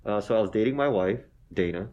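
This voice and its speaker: A man in his forties telling stories as an interview guest, animated and self-deprecating, often tagging "okay?" onto his lines and going soft and emotional when he talks about his wife. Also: lowish voice, fast talker, lo-fi sound, a little hiss or hum. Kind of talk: casual storytelling interview.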